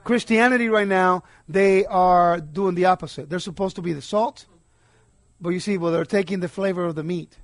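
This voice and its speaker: Guy preaching a sermon, pretty high voice, drops quiet then gets loud and emphatic. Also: normal speed, no room sound. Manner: emphatic, rising and falling between soft asides and loud declarations.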